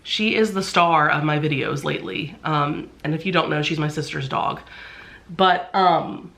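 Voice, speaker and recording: Congested woman, casual book-vlog chatter with frequent fillers, slightly low pitch. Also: a little slow, creaky, fairly bright tone. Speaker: book vlogger.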